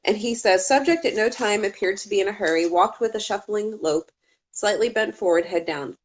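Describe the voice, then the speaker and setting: A woman's voice: medium pitch, a little fast. A woman co-hosting a casual true-crime chat, talkative, with laughing asides and swearing. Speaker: podcast co-host.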